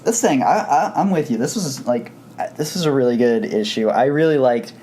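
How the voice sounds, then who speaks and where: Mellow and medium-pitched, this man speaks at a moderate pace with lively intonation, over slight background noise. As a podcast co-host he rambles enthusiastically about comics in casual talk, frequently restarting his thoughts.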